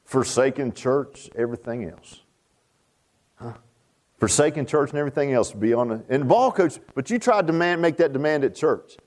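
An older man preaching a sermon in a folksy, animated way, repeating phrases for emphasis. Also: medium pitch, normal speed. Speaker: pastor.

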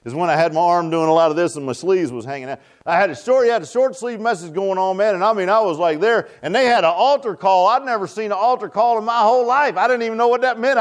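A middle-aged man, preaching a sermon in a folksy storytelling way that swings between loud bursts and hushed asides. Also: high voice. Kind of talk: sermon testimony.

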